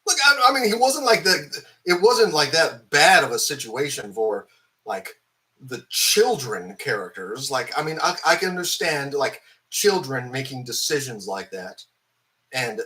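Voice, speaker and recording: Man, hung over, angry profane film rant, rambling, bright edgy voice. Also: medium pitch. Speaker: film reviewer. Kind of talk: ranting film review.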